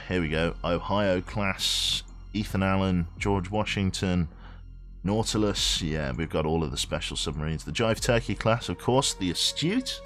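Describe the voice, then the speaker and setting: Deep-voiced man streaming a game, lively. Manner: rambling, chatty, reads game text aloud, swears offhand. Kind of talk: casual live game commentary.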